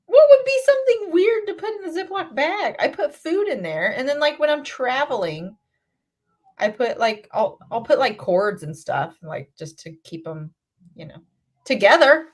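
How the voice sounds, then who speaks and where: A woman's voice: high voice, big pitch swings, moderate pace. A woman co-hosting a radio show, chatting casually, telling stories and laughing easily. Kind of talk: casual morning radio banter. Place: radio studio.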